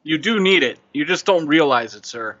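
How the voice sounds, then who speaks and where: A man hosting a radio prank show, calm, stubborn and deadpan. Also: fairly high pitch, normal speed, no room sound, highs cut off.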